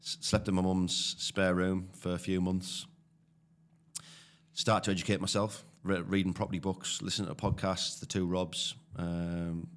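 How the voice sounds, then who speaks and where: A man's voice: deep voice, little pitch movement, measured pace, clear, resonant tone. A man with a Teesside accent, a property investor telling stories as a podcast guest in a loose, chatty way. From Teesside, England. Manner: chatty storyteller, many fillers. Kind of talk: casual podcast conversation.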